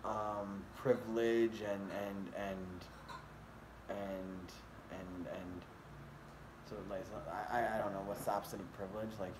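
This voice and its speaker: A man's voice: on the low side, level tone, unhurried, noisy background. A man vlogging casually, rambling with many fillers and restarts. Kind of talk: casual rambling vlog talk. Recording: echoey room with faint ambience.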